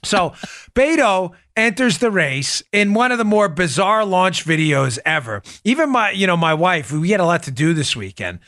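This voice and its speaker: Male political talk host, indignant and animated, high bright voice. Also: normal speed. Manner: animated, indignant, often addresses listeners as folks. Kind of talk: political commentary talk show.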